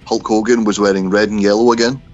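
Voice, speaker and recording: A man's voice: lowish voice, little pitch movement, quick pace, darkish tone, faint music behind. A man co-hosting a casual wrestling podcast, recapping events in a wry, storytelling way. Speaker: podcast co-host. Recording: dull, lo-fi remote call.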